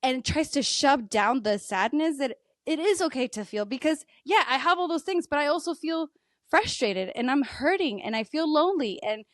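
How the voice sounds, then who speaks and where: A woman in her thirties, guesting on a podcast, talks openly and emotionally in candid interview style, laughing often and quoting her own thoughts in a higher voice. Her delivery is animated at a moderate pace, with clean, echo-free studio sound.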